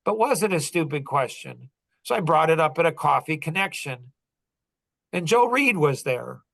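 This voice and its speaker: Sixties male podcast host, earnest and rambling, slightly raised pitch, casual storytelling. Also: animated, moderate pace, gravelly, fairly bright tone. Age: 60s. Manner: earnest, rambling, heavy use of "like".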